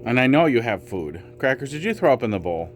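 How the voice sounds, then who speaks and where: Animated man chatting on a game stream. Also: medium pitch, fast talker, slight background noise. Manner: chatty, talks fondly to his cats between greeting viewers. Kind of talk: casual live-stream chat.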